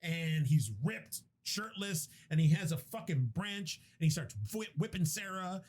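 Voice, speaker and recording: Speaking a little slowly in a high, somewhat dark voice, this male podcast host recaps a film's story. His telling is loose and profane, full of false starts, like an offhand chat about the movie.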